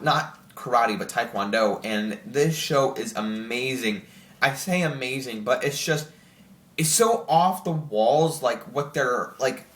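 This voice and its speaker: A young man chatting casually to camera as host, excited and rambling with lots of filler words. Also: mid-range voice. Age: young adult. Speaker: channel host ranking TV shows. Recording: roomy echo.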